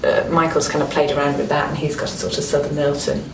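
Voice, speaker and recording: A Northern English woman, an actress being interviewed, who talks with animated enthusiasm and often restarts her sentences. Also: low-pitched, fast, creaky. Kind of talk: casual interview chat. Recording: roomy, distant mic with faint noise.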